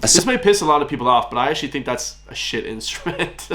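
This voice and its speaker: Fast-talking West of Ireland man. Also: on the high side, animated, a bit bright, soft background music. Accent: Irish, West of Ireland. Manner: chatty, addresses viewers as guys and lads. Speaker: reaction video host. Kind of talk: casual reaction commentary.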